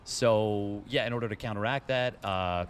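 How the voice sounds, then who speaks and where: A man co-casting a live strategy game match, calmly walking through the lobby setup and tournament rules. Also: fairly low pitch, moderate pace, slight background noise. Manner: steady, explanatory. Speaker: esports co-caster.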